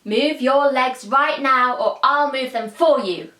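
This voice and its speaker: A woman voicing a hot-tempered, boastful young prince who shouts when he is cross, in an echoey room. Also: sits high, takes it slowly, exaggerated voice. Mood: angry. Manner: shouting, indignant.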